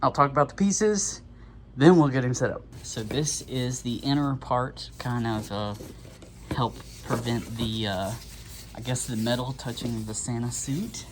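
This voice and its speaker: A toy and prop reviewer rambles through an unboxing in an easygoing, casual way, slightly out of breath and using lots of fillers. His mid-range voice keeps a measured pace, with a little hiss or hum in the recording.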